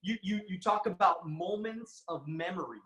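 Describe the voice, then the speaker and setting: High-voiced eager male host, echoey. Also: normal speed, fairly bright tone. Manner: enthusiastic, many short reactions. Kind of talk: interview chat. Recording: echoey room.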